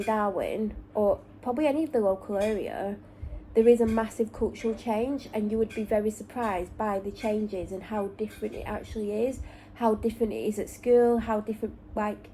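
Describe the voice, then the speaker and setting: A woman's voice: a little high, dark tone, slight background noise, low-quality recording. A woman from North West England with a Lancashire accent and traces of Manchester, chatting candidly and rambling in a casual vlog from a parked car. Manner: rambling, candid, self-correcting. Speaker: vlogger. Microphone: camera or phone in the car.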